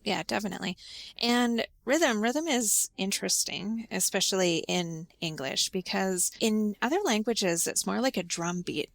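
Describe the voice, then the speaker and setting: A woman hosts a relaxed podcast conversation, asking guiding questions and explaining points patiently. Her voice carries a touch of vocal fry. The sound is close and dry, with no room around it. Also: mid-range voice, measured pace, dry recording. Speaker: podcast host and English teacher.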